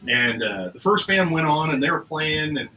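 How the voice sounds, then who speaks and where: A man's voice: a little high, lively intonation, moderate pace. A man, a musician guest, telling a story casually in a rambling way, with many fillers and acted-out quotes. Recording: roomy, noisy recording.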